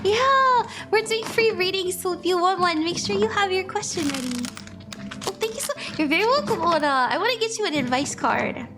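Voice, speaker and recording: A woman's voice: extremely high pitch, lively intonation, fairly quick, over music. A young woman doing a casual live-stream tarot reading, chatty and bubbly, laughing often and greeting viewers by name.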